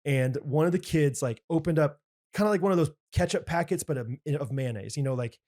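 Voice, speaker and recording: A man in his thirties co-hosting a podcast, telling a camp story in casual chat and acting out the quotes loudly. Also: fairly high pitch, expressive, brisk. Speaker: podcast co-host.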